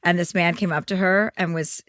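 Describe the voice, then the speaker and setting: A woman in her forties hosts a casual podcast chat, and her talk comes across as blunt and sarcastic, salted with swearing. Her voice sits a little low but has a bright, forceful edge. The sound is dry and close, with no room echo. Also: fairly even intonation, moderate pace. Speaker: podcast host.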